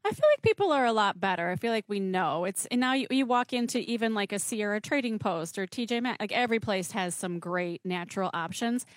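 A woman's voice: mid-range voice, expressive, brisk, hardly any pauses, dry recording. A woman in her thirties, a guest on a radio talk show, chatting enthusiastically about natural products. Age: 30s. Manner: chatty, enthusiastic, lots of fillers. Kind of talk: casual chat.

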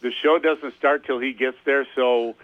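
A man's voice: medium pitch, steady tone, a little slow, dry recording, narrow, tinny audio. A man calling in as a radio show guest, making dry, wry quips. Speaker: phone-in guest. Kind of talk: casual radio banter.

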